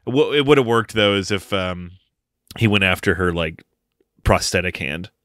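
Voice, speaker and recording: Low bright-voiced man on a podcast. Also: expressive, normal speed, dry recording, studio quality. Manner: laid-back, profane, laughs often. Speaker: podcast co-host. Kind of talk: casual film discussion.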